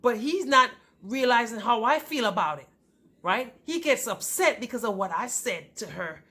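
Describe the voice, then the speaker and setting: A woman's voice: a little high, lively intonation, normal speed, bright, forceful tone, husky. A woman vlogger telling a personal relationship story straight to her viewers, with emphasis.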